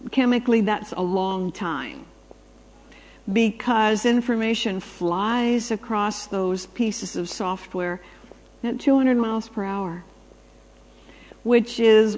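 A woman giving an anecdotal talk on brain research, telling stories with animated delivery and acting out the dialogue. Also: mid-range voice, in a large hall, poor audio.

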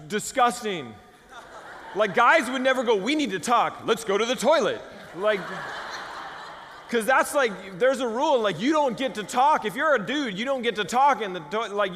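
A man's voice: high-pitched, slight background noise. A man preaching a casual, humorous sermon as pastor, acting out little voices for his stories. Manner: animated, jokey, acts out voices. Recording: long hall reverb.

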